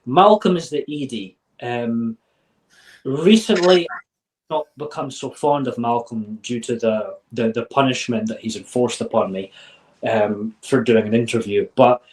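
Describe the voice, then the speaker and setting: Speaking at medium pitch and a measured pace, this man is a former member appearing as a guest in a casual interview. He's blunt and candid, often starting his sentences over and cursing. His voice sounds far from the microphone.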